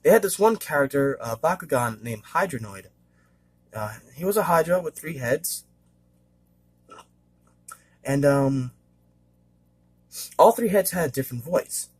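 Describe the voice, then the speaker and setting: A man talks in a husky voice, his pitch rising and falling a great deal. He rambles in a casual vlog, hesitating over fillers and often clearing his throat. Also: lively intonation, unhurried, long pauses. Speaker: vlogger. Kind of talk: casual monologue.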